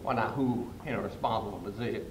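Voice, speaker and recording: Older man telling stories in an echoey hall. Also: fast. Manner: animated storyteller with sudden loud jumps. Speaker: conference guest speaker. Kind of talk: humorous storytelling speech. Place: conference hall. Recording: echoey hall with faint rumble.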